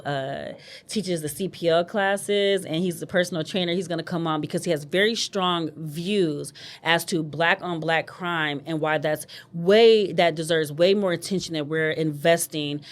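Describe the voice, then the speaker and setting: Woman host, 30s, slightly low voice, candid solo podcast chat full of fillers. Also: steady tone, a little slow. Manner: candid, chatty, many fillers and restarts, acts out her own past lines. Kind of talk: casual solo podcast monologue.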